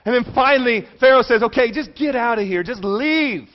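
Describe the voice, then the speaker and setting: Male preacher, high voice, acts out the characters in his sermon; muffled lo-fi sound. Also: normal speed. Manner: animated storytelling, acting out quoted voices. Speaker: pastor.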